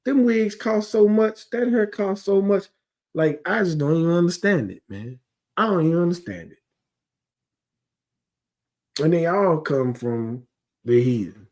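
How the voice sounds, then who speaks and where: A male scripture teacher preaches in a lively, swooping voice that sits a little high for a man. He talks conversationally and keeps asking his listeners rhetorical questions. He gets heated and wanders off on tangents as he teaches. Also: a little slow, long pauses. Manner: heated, digressive. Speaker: religious class teacher.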